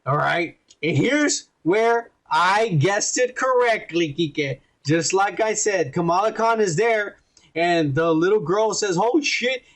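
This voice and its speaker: High-voiced man recapping with profanity. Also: takes it slowly. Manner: profane, rambling, animated retelling with quoted voices. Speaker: podcast host reviewing a TV episode. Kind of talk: casual podcast recap.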